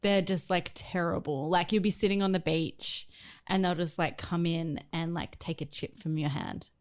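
A woman's voice: lowish voice, steady tone, moderate pace. An Australian woman co-hosting a podcast in casual chat, laughing often. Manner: chatty, laughs often, drops to a whisper at times. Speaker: podcast co-host.

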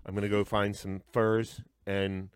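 A man co-hosting a reaction podcast over a headset, excited and rambling with many restarts. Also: lowish voice, a little slow, a crowd in the background. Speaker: podcast co-host. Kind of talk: casual reaction chat. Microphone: headset on a remote call.

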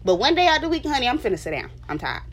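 A woman with a slightly high voice holding forth in an opinion monologue. She speaks with a passionate, emphatic, lecturing edge and drops quick laughs into her asides. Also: big pitch swings, a bit bright. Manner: preachy, lecturing. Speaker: vlogger.

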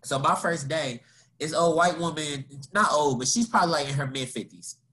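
A young man from Kentucky, co-hosting a podcast and telling a story in casual, slangy talk. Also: moderate pace. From Kentucky, USA. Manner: animated, slangy, laughing, jumps into high voices for quotes. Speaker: podcast co-host.

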